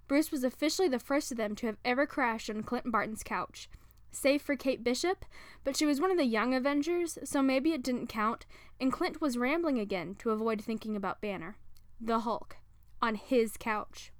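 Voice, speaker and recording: A woman's voice: on the high side, no room sound. Woman reading a story, dry close sound. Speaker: story reader. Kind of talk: fiction reading.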